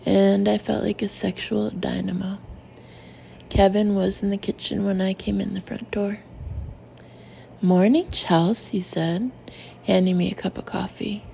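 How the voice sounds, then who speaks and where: A woman reads her memoir with wry, deadpan humor in a slow, gravelly voice. Her tone is mellow and warm. The recording sounds a little dull, with a faint hiss underneath. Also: medium pitch. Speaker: memoir narrator. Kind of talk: audiobook memoir narration.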